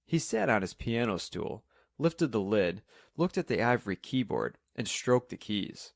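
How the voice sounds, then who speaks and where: A man reading a story aloud in calm, measured scripted narration. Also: mid-range voice, gravelly, no room sound, studio quality.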